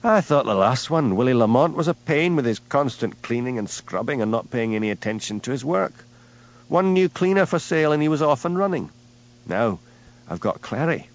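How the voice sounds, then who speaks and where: A man playing a lazy, easygoing village policeman with a Scottish Highland accent, mild and unhurried. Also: dull audio, natural voice. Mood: exasperated.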